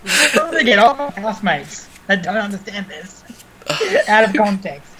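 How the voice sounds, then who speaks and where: A man's voice: high voice, very animated, normal speed, a loud crowd, low-quality recording. A man playing a tabletop game, casually asking about the rules. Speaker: player.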